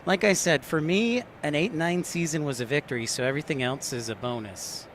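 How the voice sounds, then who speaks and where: A man's voice: fairly high pitch, a little fast, a bit bright, slight background noise. A man hosting a casual live stream, joking around and answering viewers' chat messages. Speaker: livestream host.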